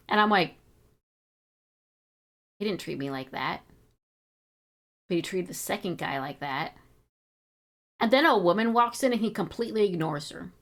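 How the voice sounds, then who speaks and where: A woman's voice: mid-range voice, lively intonation, normal speed, pauses often, a bit bright. A young woman streamer chatting casually while she draws, telling a story with chatty indignation and some swearing.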